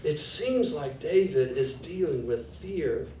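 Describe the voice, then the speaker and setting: A man's voice: a little high, lively intonation, takes it slowly, darkish tone, reverberant, recorded from a distance, slight background noise, poor audio. A pastor preaching a sermon, earnest and repeating words as he builds each point. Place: church sanctuary.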